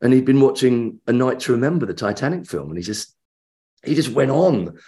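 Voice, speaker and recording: Brisk and mid-range in voice, a middle-aged actor from England tells an anecdote while being interviewed, bringing the quoted voices to life as an animated storyteller.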